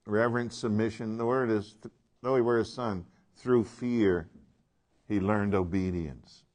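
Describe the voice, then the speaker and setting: A man's voice: fairly low pitch, steady tone, unhurried, a little mellow. A man teaching a Bible class, speaking emphatically and asking his listeners questions.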